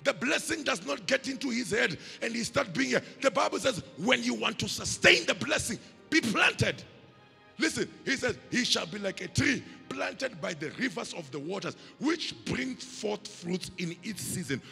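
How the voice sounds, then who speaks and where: A man's voice: high voice, animated, normal speed, vocal fry, pushed and bright, faint music behind. A South African man preaching a sermon as pastor. He uses rhythmic call-and-response and emphatic delivery, recorded in a church hall with long reverb.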